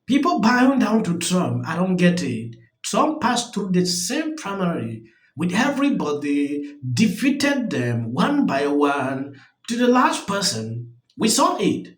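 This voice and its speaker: A man's voice: high voice, huge pitch swings, a little slow, echoey room, rough recording. A man hosting a reaction commentary channel, speaking emphatically and with disbelief.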